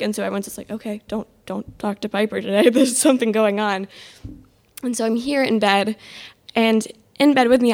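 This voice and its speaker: A teenage girl telling a personal story in an exasperated, sarcastic, self-mocking way. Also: mid-range voice. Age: mid-teens.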